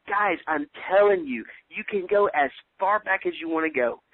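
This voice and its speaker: A man giving an energetic motivational business training over the phone, full of pep-talk slang. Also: high-pitched, normal speed. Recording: tinny phone line.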